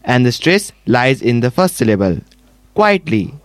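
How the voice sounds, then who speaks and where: A male student answering in class, reading out each word in a steady repeated pattern. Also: mid-range voice, normal speed, no echo.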